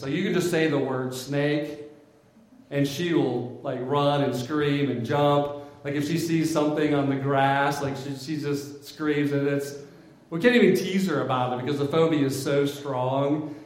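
A man's voice: a little high, moderate pace. Conversational male pastor in an echoey hall. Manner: conversational, animated, frequent "like". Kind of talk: sermon. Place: church sanctuary.

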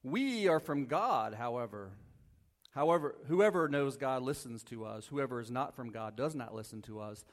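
A pastor with a medium-pitched, animated voice preaches at a moderate pace in a church sanctuary. His sermon is conversational and casual, with Bible verse readings, light jokes, and frequent "right?" check-ins with the congregation.

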